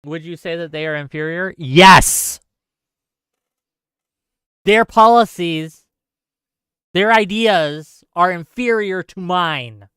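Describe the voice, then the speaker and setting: A man's voice: high voice, a little slow, fairly bright tone, smooth, dry recording, studio quality. A man hosting a political commentary livestream. He talks in an impassioned way, repeats himself for emphasis and keeps checking in with listeners by asking "right?". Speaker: livestream host.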